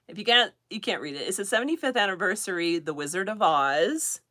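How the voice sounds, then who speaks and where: A woman's voice: mid-range voice, lively intonation, normal speed, pushed and bright, dry recording. A woman in her thirties from Kansas, chatting on a live stream about dolls, rambling, laughing often and close to tears. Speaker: doll collector hosting a live chat. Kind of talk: casual live-stream chat.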